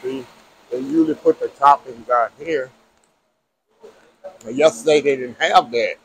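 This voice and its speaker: A middle-aged Texan food vlogger walks the decks of a cruise ship with a handheld camera, chatting casually and calling his viewers "y'all." His mid-range voice is measured and a bit bright, though the audio is poor with a little hiss or hum.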